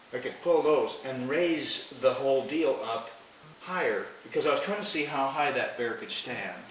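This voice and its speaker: A man's voice: mid-range voice, fairly bright tone. A man telling a long story in a rambling, folksy way, chuckling as he goes. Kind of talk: casual spoken storytelling. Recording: roomy, distant, noisy home recording.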